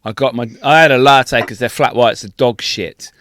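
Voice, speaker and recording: A man's voice: medium pitch, normal speed, fairly bright tone, slight background noise. A young adult man, a podcast co-host, telling a long anecdote in casual chat, full of swearing.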